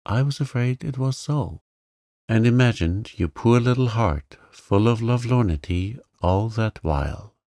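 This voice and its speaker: A man's voice: medium pitch, expressive, unhurried, dark tone, no echo, clean studio sound, pitched above the performer's own voice. A man voicing an earnest, headstrong young woman. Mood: pleading. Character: passionate, headstrong young woman, loving sister.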